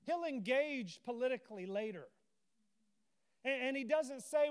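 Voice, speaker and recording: A man's voice: very high voice, measured pace, clean tone. A man preaching an impassioned, earnest sermon, his voice rising into emotional cries, at times teary. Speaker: pastor.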